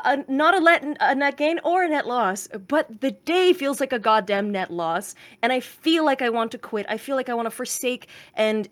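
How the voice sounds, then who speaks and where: A woman with a slightly high voice speaks candidly in a casual podcast debate. She sounds animated and laughs easily as she talks. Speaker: podcast guest.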